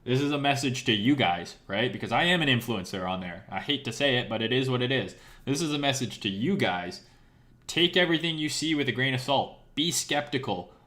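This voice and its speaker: A hoarse man rants bluntly on a live stream, his voice worn from talking for hours. He talks to his viewers as a crypto trader in a casual, profane way and keeps checking in with "right?". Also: medium pitch, lively intonation, fairly quick, pushed and bright. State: losing his voice.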